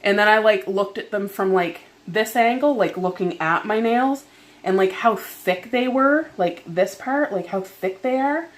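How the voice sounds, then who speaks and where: Speaking a little slowly at medium pitch, a woman vlogger at home tells a story in a chatty, venting manner. She sounds exasperated and uses "like" heavily.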